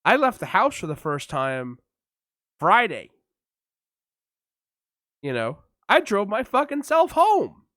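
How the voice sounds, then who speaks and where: His voice sits high and moves at a slow pace with frequent pauses, captured dry at studio quality. He's a podcast co-host, mouth numb after dental work, telling an animated, swear-filled story with acted-out voices in casual conversation.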